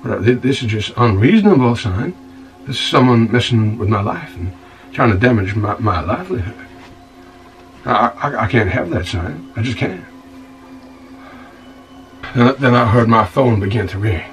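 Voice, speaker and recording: An actor playing a rough, self-pitying bar-owner scoundrel, stammering and repeating words as he tells his woes to "son". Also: medium pitch, animated, normal speed, distant mic, soft background music, lightly acted, poor audio. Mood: aggrieved. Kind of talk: monologue in a comedy-drama web series.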